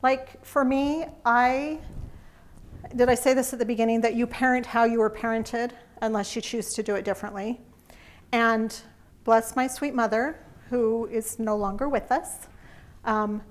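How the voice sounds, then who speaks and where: A woman with a somewhat high voice leads a faith-based parenting lesson. She talks in an earnest, heartfelt, conversational way to a group in a meeting room. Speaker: parenting class teacher.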